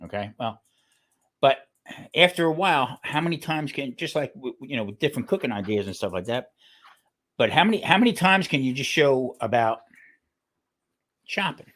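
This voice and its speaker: Casual male guest, lively swinging pitch, rambling and halting, keeps adding "okay?". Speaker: guest keto cooking channel creator. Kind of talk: casual podcast chat.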